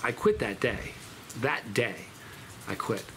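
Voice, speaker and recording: A man's voice: lowish voice, very animated, slow pace, a bit bright, a little hiss or hum. A man hosting his channel, telling a story in a casual monologue that is emphatic and rambling, with frequent restarts and self-corrections. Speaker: channel host.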